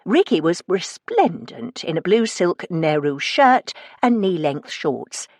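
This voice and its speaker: A woman's voice: fairly low pitch, big pitch swings, slow pace, a little mellow, no room sound. Wry woman reading an audiobook. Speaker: audiobook narrator. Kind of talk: first-person scripted narration.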